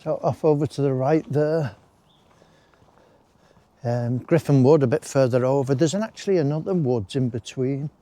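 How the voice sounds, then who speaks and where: With a warm, mid-range voice at normal speed, a man gives casual commentary while walking outdoors in a wooded park, pausing often as he rambles with friendly asides. He's a walking vlogger, and the recording has no room sound.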